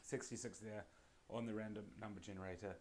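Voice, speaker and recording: A man with a croaky, laryngitis-strained voice hosts a live-streamed prize draw, greeting viewers by name in a friendly way. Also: fairly low pitch, fairly even intonation, fairly quick, darkish tone, a little hiss or hum.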